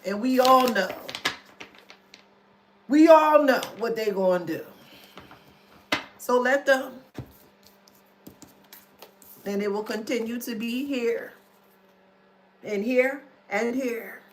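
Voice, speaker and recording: A woman's voice: a little high, takes it slowly, pauses often, a little hiss or hum. A woman commentator in a casual monologue, blunt and scornful, who spells out words letter by letter. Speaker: online commentator.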